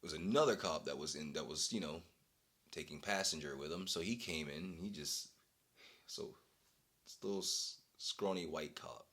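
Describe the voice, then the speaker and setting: A young man vlogging, telling an exasperated story in a casual, animated way and breaking into laughter. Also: very deep voice, normal speed.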